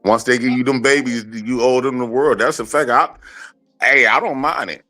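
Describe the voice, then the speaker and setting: A man with an ordinary pitch joins the stream in a relaxed, easygoing manner. Faint music runs underneath. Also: normal speed. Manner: laid-back, laughs along. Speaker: stream guest. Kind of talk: casual stream chat.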